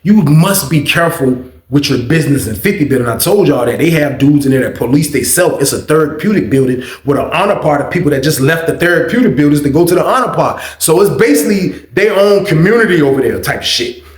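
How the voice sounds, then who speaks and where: Male storyteller, animated and profane, fairly high voice, roomy echo. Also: fast, hardly any pauses. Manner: profane, animated, repeats "you know what I mean". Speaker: storytelling vlog host. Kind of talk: casual storytelling.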